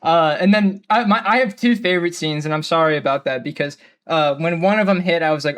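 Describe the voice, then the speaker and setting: Guy rambling on a podcast, laughs a lot, kinda high voice, puts himself down. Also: fairly quick, fairly bright tone, clean tone. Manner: rambling, self-deprecating, giggly. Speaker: podcast co-host. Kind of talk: casual chat.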